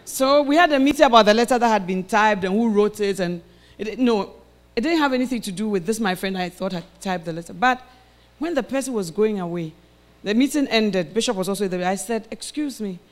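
A woman preaching with a storyteller's flair, moving from quiet recounting to loud, shouted calls to the congregation. She plays out the voices of the people in her story as she goes. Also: mid-range voice, fairly quick. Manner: storytelling, acting out quoted voices, rising to shouted exhortation. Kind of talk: sermon with personal story.

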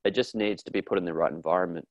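A man talking in a casual interview about his therapy work, earnest and animated, acting out quoted voices with frequent restarts. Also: sits low, rapid-fire, dry recording, lo-fi sound. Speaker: therapist guest.

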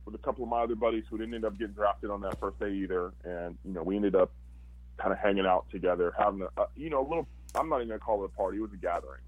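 A man's voice: on the low side, fairly even intonation, very fast, breathy edge, dry recording, phone-quality sound. A man, a former football player, telling his story casually and animatedly, acting out quotes with lots of fillers.

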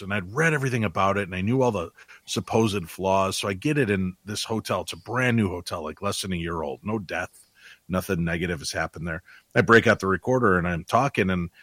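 A man, a paranormal investigator, telling funny stories in casual talk and jumping high when he quotes others. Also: no echo. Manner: animated storyteller, jumps high for quoted voices.

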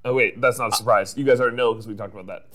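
Chatty man recapping with quick laughs. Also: fairly low pitch, steady tone, pushed and bright. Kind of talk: casual chat.

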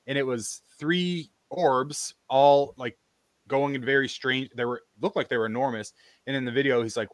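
Man, podcast host, casual storytelling, lively quotes of others, dry close sound. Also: medium pitch, moderate pace, no echo. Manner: animated storyteller, acts out quoted voices.

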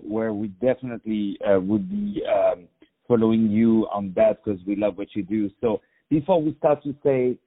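Low-voiced joking male radio host. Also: breathy edge. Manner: jokey, many fillers. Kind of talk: casual radio interview. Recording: muffled lo-fi recording.

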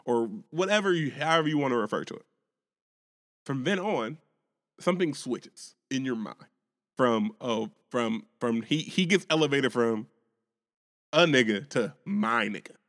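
A man's voice: mid-range voice, animated, moderate pace, a bit bright, in a large hall. A man co-hosting a podcast, arguing his point in casual, profane chat and often restarting his sentences. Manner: argumentative, stammering restarts, profane. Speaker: podcast co-host.

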